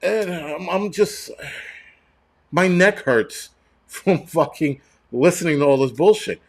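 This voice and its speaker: A man rants on a live stream, blunt and foul-mouthed, his voice sitting a little high. He trips over his own words, restarting and repeating himself as he fumes. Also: takes it slowly. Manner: angry, profane and blunt. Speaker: livestream host.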